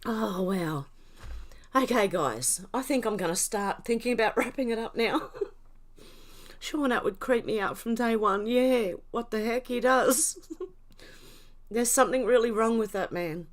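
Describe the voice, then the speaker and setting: Reading chat comments on her casual livestream, an older woman from Australia laughs helplessly to the point of tears, snorting between breathless giggles. Her voice sits on the high side and moves a little slowly.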